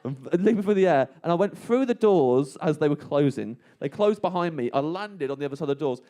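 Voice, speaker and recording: A man's voice: on the high side, animated, fairly quick. Rambling self-mocking man spinning a live yarn. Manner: rambling, self-deprecating, breaks into laughter; hushed and tense when re-enacting fear. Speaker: comedian guest telling a story. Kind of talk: live comedic storytelling. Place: live venue on stage.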